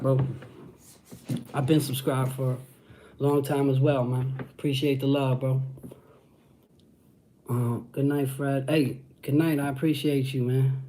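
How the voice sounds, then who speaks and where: There's a little hiss or hum behind the fairly high, warm voice of a New York-accented channel host from Brooklyn. He answers chat during his livestream in hyped, profane street talk, constantly saying "you know what I'm saying."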